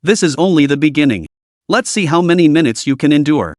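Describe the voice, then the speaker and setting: A man voicing a calm, smiling male poisoner who taunts his captive. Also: fairly high pitch, brisk, dry recording, clean studio sound, lightly acted. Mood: taunting.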